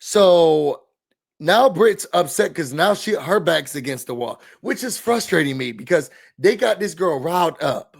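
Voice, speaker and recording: High, gravelly-voiced man ranting. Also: a little slow. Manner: animated, sassy, blunt. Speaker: reality TV recap host. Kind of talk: ranting recap and review.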